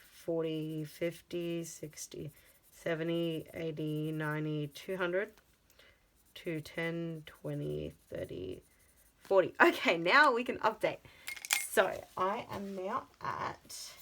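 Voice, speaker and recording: A woman, chatting excitedly in a casual budgeting vlog, full of gasps and exclamations. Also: on the low side, a little hiss or hum, rough recording. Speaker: budgeting vlogger.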